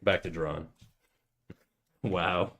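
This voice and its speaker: A man's voice: low voice, steady tone, slow pace, a bit bright, lo-fi sound. A young man streaming while drawing, chatting with viewers in a joking, ranting way with lots of swearing. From United States. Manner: ranting, joking, heavy swearing, mock outrage.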